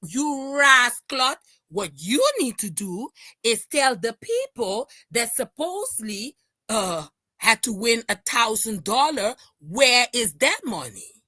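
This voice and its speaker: Animated high-pitched woman ranting. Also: unhurried, dry recording, clean studio sound. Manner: mocking, animated, fake crying and singing impressions. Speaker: commentary streamer. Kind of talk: casual commentary rant.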